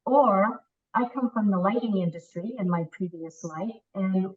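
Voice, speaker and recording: A woman on an industry panel, explaining in a measured way. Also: mid-range voice. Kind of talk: explaining technology. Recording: dull distant mic.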